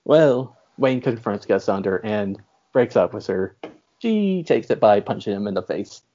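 A man's voice: fairly low pitch, expressive, measured pace, mellow, dull audio. A man hosting a podcast, recapping a film in a rambling way with many fillers. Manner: rambling, filler-heavy, laughs often. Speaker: podcast host. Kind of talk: casual recap of a movie.

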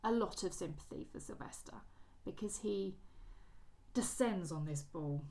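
A woman co-hosting a casual book podcast, retelling the plot with animated emphasis. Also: fairly low pitch, measured pace, gravelly. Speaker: podcast co-host. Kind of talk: casual book-club chat.

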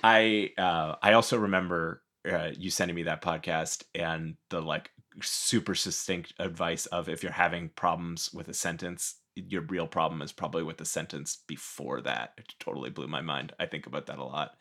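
A man's voice: low-pitched, fairly even intonation, normal speed, hardly any pauses, pushed and bright. A man hosting a podcast, chatting casually and encouraging his guest. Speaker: podcast host. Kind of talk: casual interview chat.

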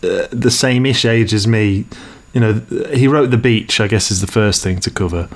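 A man co-hosting a casual podcast chat, speaking in a dry, measured, wry way. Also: fairly low pitch. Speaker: podcast co-host.

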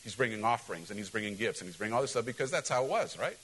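A pastor preaching a sermon to his church, animated and direct, acting out quoted voices and calling questions to the congregation. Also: fairly low pitch, racing, husky, rough recording.

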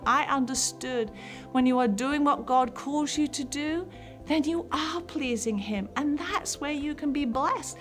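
A woman pastor in her fifties tells a personal testimony to mothers, earnest and heartfelt. Her voice sits fairly high, with soft music playing faintly underneath.

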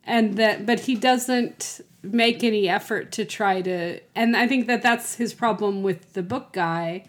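A woman's voice: medium pitch, a little slow. Female co-host, casual film talk, hesitant, thinks aloud mid-sentence. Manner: hesitant, many fillers and restarts, thinking aloud.

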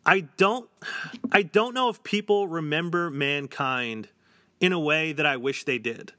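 A man's voice: on the high side, unhurried, sharp tone, no room sound, clean studio sound. A man co-hosting a podcast, talking casually with lots of fillers and restarts. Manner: chatty, many fillers and restarts. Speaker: podcast co-host. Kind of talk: casual chat.

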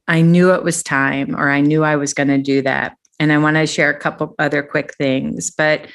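A woman's voice: low-pitched, a bit bright. A middle-aged woman speaking as an interview guest, telling her career story in a reflective, conversational way and laughing easily. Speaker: guest, executive coach.

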